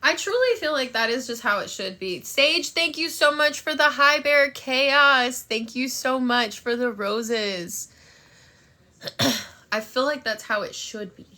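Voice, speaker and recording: A woman's voice: high voice, measured pace, pushed and bright. A young woman telling a story and chatting on a phone livestream, brash and profane, thanking viewers for gifts. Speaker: TikTok live streamer.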